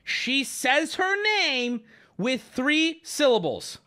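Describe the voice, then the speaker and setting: Man on a livestream, high-pitched, sharp bright voice, exasperated profane rant. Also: big pitch swings, moderate pace. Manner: exasperated, profane, argumentative ranting. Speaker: streamer.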